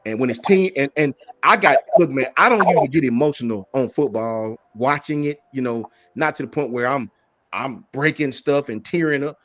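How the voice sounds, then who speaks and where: A man hosting a casual sports talk stream, greeting viewers in slang and talking in animated bursts. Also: medium pitch, normal speed. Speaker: sports talk show host.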